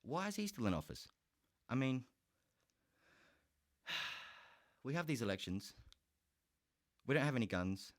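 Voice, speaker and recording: A man's voice: mid-range voice, very animated, slow, long pauses, dry recording, studio quality. An Australian man hosting a podcast, giving a heated, profane solo rant. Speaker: podcast host.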